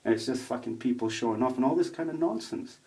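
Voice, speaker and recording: A man in a casual, rambling video monologue, swearing a lot as he tells stories in an animated way. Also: medium pitch, quick pace. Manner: profane, rambling, animated storytelling. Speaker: vlogger. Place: home room with a roommate nearby.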